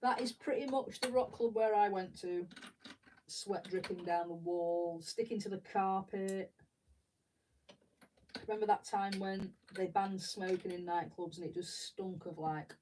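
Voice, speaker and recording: Chatting casually as she builds, a middle-aged English woman streams, laughing frequently and drifting into rambling stories. Her voice sits mid-range with a darkish tone. Captured from a distance, the audio is poor, with a little hiss or hum.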